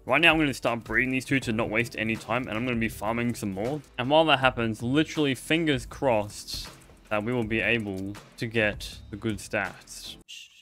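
A man's voice: mid-range voice, normal speed, pushed and bright, soft background music. Playful young man commenting on gameplay. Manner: playful, jokey, chatty with the game creatures. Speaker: gaming video host.

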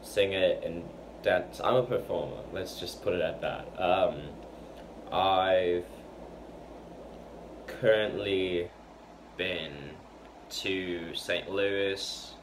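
Hesitant teenage boy, low slow voice. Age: teens. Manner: hesitant, many fillers and restarts. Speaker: fan channel member. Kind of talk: unscripted personal vlog. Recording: noisy home recording.

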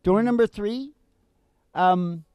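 A man's voice: high-pitched, slow pace, darkish tone, clear, resonant tone, dry recording. A man hosting a casual music podcast, rambling and laughing as he talks. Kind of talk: casual chat and live country singing.

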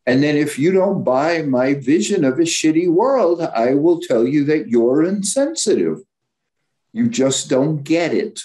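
A man with a fairly high, warm, sing-song voice speaks in an unhurried way. As a psychologist and guest speaker, he gives a candid, blunt, informal lecture with many stumbles and self-corrections.

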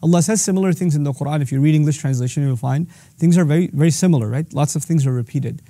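A man's voice: a little high, quick pace, dark tone, no room sound. A man teaching a religious lesson, quoting verses in Arabic and then explaining them patiently. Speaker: Islamic teacher.

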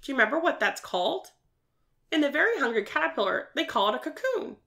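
A woman's voice: high voice, sing-song, quick pace, gravelly, a bit bright. A woman teaching a virtual preschool science lesson, asking young children lots of questions and praising their answers in a sing-song teacher manner.

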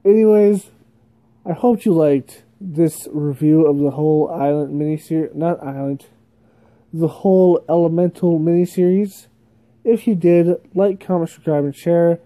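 A man's voice: a little high, measured pace, dark tone, no room sound. A man chatting casually as a YouTube reviewer, rambling with lots of fillers and little laughs, sounding sleepy. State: sleepy, yawning.

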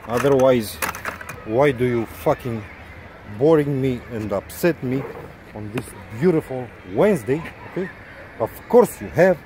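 A man's voice: a little high, darkish tone, a little hiss or hum. A man, an English speaker ranting in a mocking, sarcastic vlog and swearing often. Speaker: vlogger.

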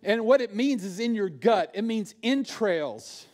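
A male pastor preaching a sermon, swinging from loud bursts to hushed, low asides. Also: lively intonation, a little slow.

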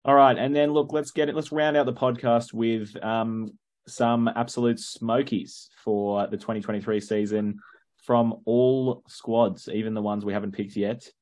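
A man's voice: medium pitch, fairly even intonation, unhurried, a little mellow. Teasing man. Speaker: podcast co-host. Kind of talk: casual banter.

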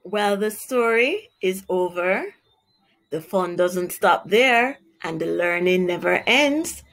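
A woman teacher with a Jamaican accent who reads a children's story aloud and then explains words clearly and carefully. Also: fairly low pitch, lively intonation, slow, fairly bright tone. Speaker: primary school teacher. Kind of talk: children's read-aloud and vocabulary lesson.

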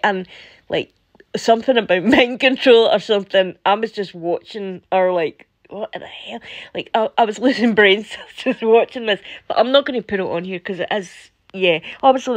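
A woman with a Scottish accent chatting to camera as a vlogger, laughing often and breaking into incredulous asides. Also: medium pitch. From Scotland. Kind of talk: casual chat to camera.

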